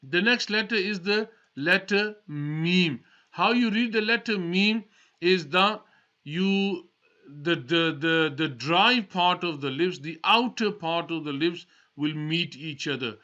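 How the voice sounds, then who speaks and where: Man, Quran teacher, very slow, higher voice, patient repetition, muffled recording. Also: pushed and bright. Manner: patient, models each letter sound and repeats it. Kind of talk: slow recitation lesson.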